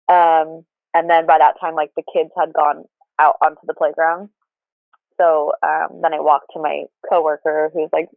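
A woman's voice: deep voice, vocal fry, no echo. Woman on a tinny phone line. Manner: rambling with frequent restarts. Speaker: podcast guest. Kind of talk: candid conversational storytelling.

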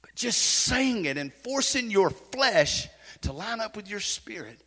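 A pastor preaches in a church sanctuary, his high, sharp, bright voice trailing into a long hall reverb. He swings from loud urgency to hushed intensity and drops in joking, folksy asides. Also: big pitch swings, unhurried. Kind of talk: sermon.

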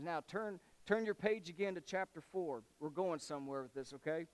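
Folksy preacher man, higher voice. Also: expressive, normal speed, few pauses, no room sound. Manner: conversational, folksy, acts out scripture. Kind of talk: sermon.

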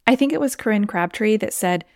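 A woman's voice: mid-range voice, lively intonation, fairly quick, no room sound, studio quality. A woman hosting a solo podcast as a weight loss coach, talking in an encouraging, conversational way and sometimes acting out inner voices.

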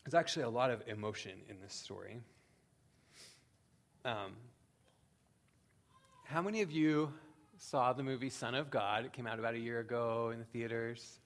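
A man preaching a sermon, speaking earnestly with slow, emphatic pauses and frequent "um"s. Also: medium pitch. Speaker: pastor.

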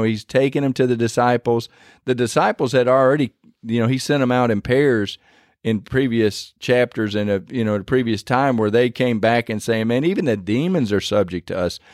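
A man's voice: medium pitch, fairly even intonation, brisk, no echo, studio quality. A man preaching a sermon in a conversational, earnest way, retelling scripture in his own words.

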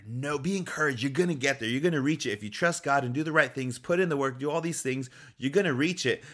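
A man's voice: medium pitch, fairly bright tone. A man delivers a motivational faith talk in a mid-range voice. He speaks in an upbeat, encouraging tone, repeats his key phrases for emphasis and often chuckles as he goes.

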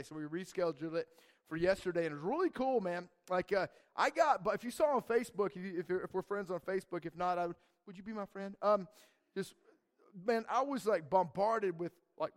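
A young church youth leader tells a group a rambling, animated story in a high voice, saying "man" and "dude" a lot.

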